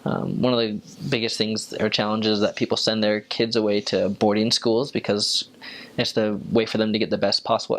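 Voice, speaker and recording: A young man who is a returned missionary tells stories casually and easily, using many fillers and jumping up in pitch whenever he quotes someone.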